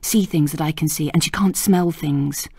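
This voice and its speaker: A woman voicing an elderly bearded husband, guarded and worried, in a low, hushed whisper as whispered role-play. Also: normal speed, gravelly, breathy edge, no echo, clean studio sound, exaggerated voice. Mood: earnest.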